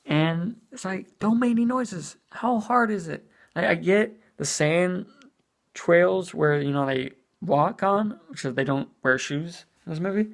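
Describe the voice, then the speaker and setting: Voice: mid-range voice, unhurried, vocal fry. A speaker giving a casual spoken movie review as an exasperated rant, full of "you know" and swearing.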